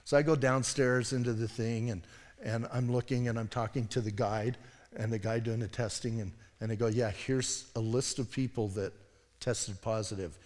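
A male pastor delivers a sermon in an animated, self-deprecating way, telling stories and slipping into hushed asides. His voice sits at an ordinary middle pitch. The sound carries a long reverb, as in a church hall. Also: moderate pace. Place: church sanctuary.

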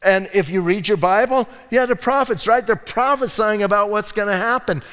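A man preaching in a casual, story-driven way, breaking into asides and quick restarts. His voice sits a little on the high side. The sound carries a long reverb tail from a church sanctuary. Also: fairly bright tone, clear, resonant tone. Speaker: pastor. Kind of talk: sermon.

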